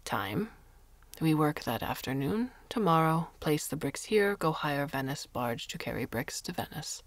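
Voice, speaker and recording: A woman voicing a calm, stubborn foreign man who speaks halting broken English in a hushed voice. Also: low-pitched, no room sound, exaggerated voice. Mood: calm insistent. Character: impassive foreign male diver, polite and stubborn.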